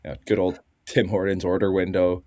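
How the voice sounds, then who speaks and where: Laid-back Canadian host, dry sound. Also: male voice, deep voice, flat delivery, moderate pace, warm tone, no room sound. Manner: laid-back, slangy, calls people dude and bud. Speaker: podcast host. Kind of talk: casual podcast chat.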